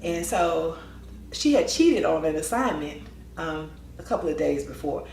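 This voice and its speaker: Woman, storytime vlogger, swooping lively delivery, roomy echo. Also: deep voice, gravelly, a little hiss or hum. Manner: lively, acts out voices, quick asides. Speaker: teacher telling a story. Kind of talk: storytime vlog, animated retelling.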